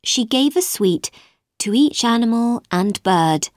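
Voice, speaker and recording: Slow, clear woman storyteller. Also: on the high side, expressive, no echo, studio quality. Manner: careful, evenly paced reading.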